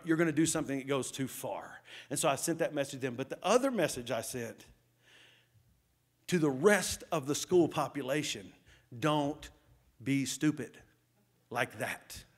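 A man, a pastor preaching a sermon who tells stories and acts out the quotes loudly. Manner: storytelling, acts out quotes with rising pitch and loudness.

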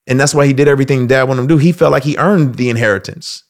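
A man hosting casual faith commentary, telling stories in an animated way and slipping into acted voices. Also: medium pitch, racing. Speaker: host.

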